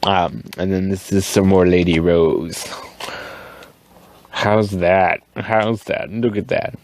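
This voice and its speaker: A tipsy man rambling casually in a show-and-tell vlog, swearing and wandering up and down in pitch. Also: steady tone, slow pace, a little mellow. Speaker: fountain pen vlogger.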